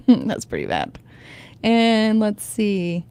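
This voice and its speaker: A woman's voice: mid-range voice, wildly swooping pitch, extremely slow, mellow, no room sound. A woman hosting a radio morning show, chatting casually and reading items aloud with frequent laughter. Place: radio studio. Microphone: studio microphone.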